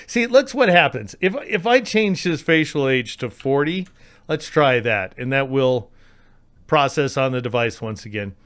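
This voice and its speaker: Chatty, wry man teaching software. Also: medium pitch. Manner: chatty, wry asides, playful exaggeration. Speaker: software tutorial host. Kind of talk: screen-recorded software tutorial.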